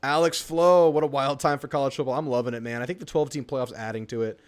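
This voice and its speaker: A man's voice: mid-range voice, fast. A young man, hosting a live fan stream about college football, reading chat comments and reacting to a game. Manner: excitable, reads chat comments aloud. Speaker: sports talk show host.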